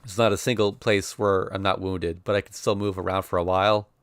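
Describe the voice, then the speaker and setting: A man's voice: sits low, level tone, fairly quick, smooth, dry recording, studio quality. A man streaming, reading a visual novel aloud in an intense, emotional first-person narration.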